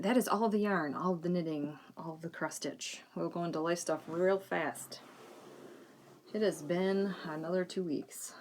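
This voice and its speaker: A woman in her thirties hosting a knitting podcast, talking casually and frankly and fretting a little. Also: low-pitched. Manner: chatty, frank, fretful about the kids' schooling. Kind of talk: casual chat. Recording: faint background noise.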